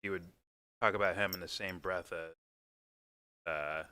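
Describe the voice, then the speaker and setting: Low-voiced giggly man streaming reactions. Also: steady tone, a little slow, bright, forceful tone, smooth, no echo. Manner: giggly, rambling, profane. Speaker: livestream host. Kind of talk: casual livestream reaction chat.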